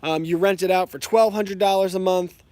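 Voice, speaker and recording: A man's voice: high voice, fairly even intonation, moderate pace, darkish tone, no echo. A young man, an educator, talking frankly and giving his opinions while explaining ideas with examples. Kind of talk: casual commentary.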